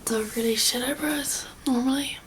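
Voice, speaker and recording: A woman's voice: high voice, fairly even intonation, normal speed, background noise. Chatty young woman, often half-whispering. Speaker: beauty vlogger. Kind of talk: casual makeup tutorial.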